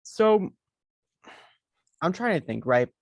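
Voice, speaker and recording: A man's voice: sits high, big pitch swings, slow pace, dry recording, clean studio sound. A man co-hosting a podcast in casual chat, rambling and hesitant with many fillers, talking over a video call. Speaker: podcast co-host.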